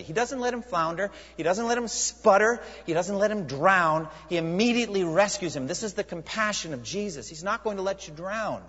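A male pastor preaches in a lively, swooping voice, pressing his listeners with rhetorical questions. He pauses for effect and leans hard on key words. The sound is muffled and carries a long hall reverb. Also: a little high. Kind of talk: sermon.

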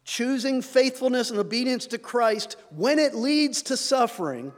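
A man's voice: extremely high pitch, expressive, a little slow, few pauses, long reverb tail. A man preaching a sermon, earnest, lifting his voice when he reads scripture aloud.

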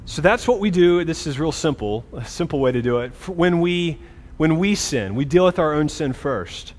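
A man's voice: fairly high pitch, lively intonation, normal speed. Conversational male pastor in a hall. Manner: conversational, frequent "right?" asides. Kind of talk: sermon. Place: church hall. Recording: reverberant hall, faint ambience.

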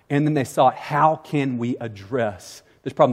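Pastor guy preaching, animated, lots of up and down in his voice. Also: a little high, moderate pace, hardly any pauses. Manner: animated, acts out quoted voices. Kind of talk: sermon.

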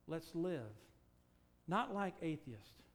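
A man preaching a sermon, emphatic and full of rhetorical questions, swinging from loud declarations to low, quiet points. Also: very animated, takes it slowly.

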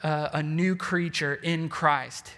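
A man's voice: a little high, fairly even intonation, takes it slowly, bright, forceful tone, in a large hall. A man preaching a sermon with earnest emphasis, frequent rhetorical questions and filler words. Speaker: pastor.

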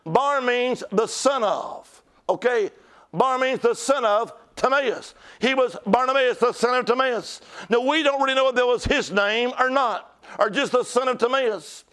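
A man preaching a sermon as pastor, emphatic, asking rhetorical questions and calling the congregation to shout back. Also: very high voice, clear, resonant tone.

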